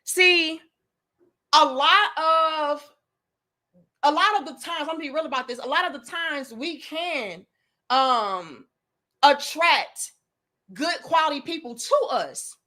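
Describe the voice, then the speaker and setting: Young black woman ranting, high voice, sharp and bright, swears a lot. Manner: profane, sassy, preachy. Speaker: commentary show host. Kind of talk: blunt opinion monologue.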